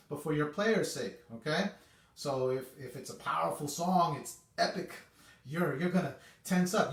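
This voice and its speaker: A man teaching a casual music lesson on conducting, chatty and repetitive, often checking in with "okay". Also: a little high. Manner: chatty, repeats itself, says okay often. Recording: echoey room, mic at a distance.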